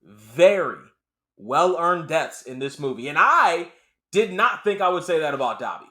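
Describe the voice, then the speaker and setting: A man giving a casual movie review, animated and emphatic, often repeating lines for effect. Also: a little high, fairly quick.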